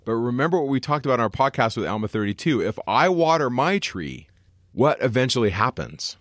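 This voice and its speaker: A man co-hosting a scripture podcast, explaining verses in a casual teaching tone and slowing down to read passages aloud. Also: medium pitch, big pitch swings, a bit bright, no room sound, studio quality.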